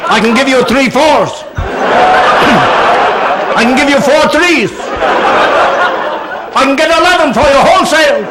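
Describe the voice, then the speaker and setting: A man's voice: extremely high pitch, measured pace, pauses often, over a noisy crowd, very noisy, pitched above the performer's own voice. A man voicing a haggling male ship engineer with a wheedling, sing-song delivery.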